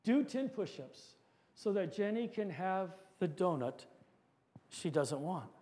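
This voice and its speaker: Man doing a steady, high-voiced professor in a sermon story, measured and insistent. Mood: quiet firm. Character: calm, firm male college professor.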